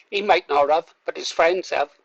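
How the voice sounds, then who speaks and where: A man's voice: fairly high pitch, a little slow, vocal fry, muffled recording. Sarcastic man heckling a clip. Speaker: reaction video host. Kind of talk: commentary over a played clip.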